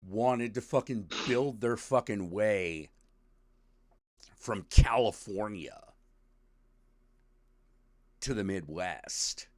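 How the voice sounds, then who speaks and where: A man's voice: on the low side, extremely slow, long pauses, no echo. A man hosting a stream, ranting casually and swearing a lot. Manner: profane, animated, ranting. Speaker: stream host.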